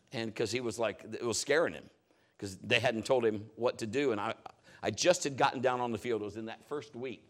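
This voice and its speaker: A middle-aged man preaching a sermon, telling a story with lively shifts and acted-out voices. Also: medium pitch. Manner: animated storytelling, acting out voices and shouting at peaks. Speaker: pastor.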